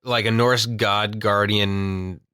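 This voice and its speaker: Bright-voiced male podcast co-host. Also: lowish voice, steady tone, takes it slowly, smooth, no echo, clean studio sound. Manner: jokey, rambling, laughs often. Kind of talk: casual chat.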